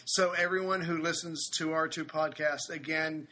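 Casual podcast host, man, agreeable and warm-hearted sign-off manner, bright tone. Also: fairly high pitch, fairly even intonation, slight background noise. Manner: upbeat, agreeable, quick backchannel replies. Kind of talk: casual chat. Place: hotel room.

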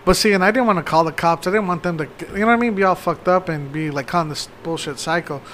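A man's voice: high voice, fast talker, fairly bright tone, a little hiss or hum. A man rambling through a story in casual talk, swearing often. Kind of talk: casual chat.

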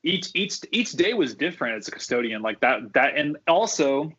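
Guest, male, relaxed rambler, lots of "like" and "you know", middle pitch, muffled lo-fi sound. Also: moderate pace, breathy edge. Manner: rambling, many fillers and restarts. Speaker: guest, former theme park custodian. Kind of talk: casual podcast storytelling.

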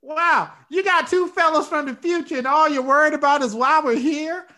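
A woman's voice: high-pitched, normal speed, sharp tone, shouting. A woman performing improv comedy with a breezy, confident, playful delivery.

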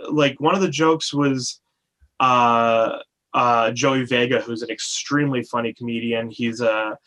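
A man's voice: medium pitch, measured pace. A man in casual interview chat, telling stories about his comedy club and acting out customers with a raised voice. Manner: animated storyteller, acts out customers with a raised voice.

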